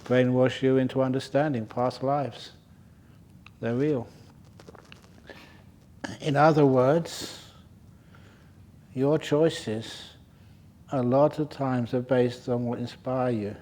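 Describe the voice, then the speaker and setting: A man's voice: mid-range voice, fairly even intonation, takes it slowly, long pauses, mellow. An older man giving a humorous Dharma talk at a meditation retreat, telling stories and chuckling often. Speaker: meditation teacher. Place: retreat centre hall.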